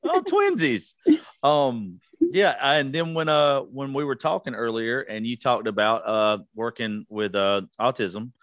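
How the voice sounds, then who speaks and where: A man's voice: medium pitch, fairly even intonation, unhurried, few pauses, fairly bright tone, no echo. A man in his thirties with a Southern US accent hosting a casual podcast interview, folksy and joking, swearing casually. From Georgia, US. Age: 30s. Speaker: podcast host.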